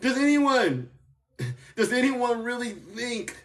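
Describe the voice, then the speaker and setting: A man hosting a casual political commentary livestream, animated and teasing, breaking into laughter and whoops. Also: very high voice, slow, recorded from a distance. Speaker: TikTok live host. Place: car.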